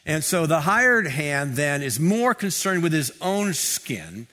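A man's voice: fairly high pitch, very animated, slow, pushed and bright. Conversational man preaching a sermon. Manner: conversational, reflective, repeats phrases for emphasis. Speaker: pastor.

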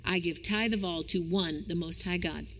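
A woman preaching a sermon with emphatic rhetorical questions that climb into high, excited exclamations. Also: moderate pace. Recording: reverberant hall.

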